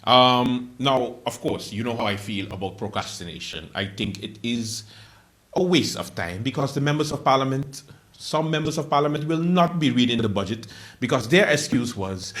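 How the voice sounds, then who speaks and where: A man hosting a late night comedy show, delivering a joking monologue with loud outbursts, laughter and quiet asides. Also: normal speed. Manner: animated, laughing, swings between loud outbursts and low asides.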